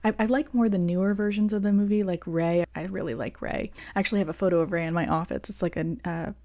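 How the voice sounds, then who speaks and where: A woman in her thirties hosting a podcast, talking through personal reflections in an earnest, halting way with lots of restarts and fillers. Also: lowish voice, darkish tone. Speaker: podcast host.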